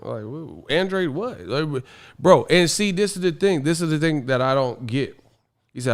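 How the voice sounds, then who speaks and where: Speaking fairly quickly at medium pitch, a man hosts a boxing livestream. He rants casually in an exasperated, slang-heavy way and laughs a lot.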